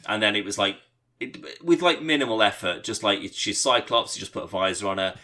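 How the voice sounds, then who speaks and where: A man's voice: on the low side, brisk, sharp tone. A man co-hosting a podcast, chatting casually with dry, sardonic quips. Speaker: podcast co-host. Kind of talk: casual chat.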